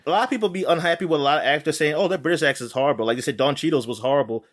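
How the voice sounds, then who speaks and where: A man co-hosting a gaming podcast, chatting casually, animated and laughing, rambling with restarts. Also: a little high, rapid-fire. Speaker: podcast co-host. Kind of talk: casual chat.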